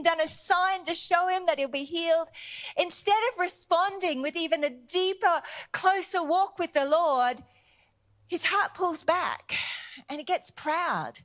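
A woman preaching with a high, bright-pitched voice. She retells scripture in an animated, conversational style. She hammers points home through emphatic repetition. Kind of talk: sermon.

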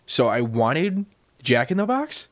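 A man's voice: medium pitch, very animated, slow pace. Man, podcast co-host, casual storytelling, acts out quotes, laughs a lot.

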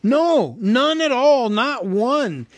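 A man's voice: very high voice, sing-song, very slow, dry recording, pitched above the performer's own voice, exaggerated voice. A man voicing a small, frightened male hobbit who stammers and pleads.

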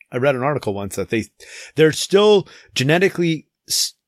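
A man's voice: a little high, big pitch swings, moderate pace, dry recording, clean studio sound. A man co-hosting a casual podcast, chatting in a rambling way with frequent restarts. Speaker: podcast co-host. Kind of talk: casual chat. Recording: self-recorded podcast.

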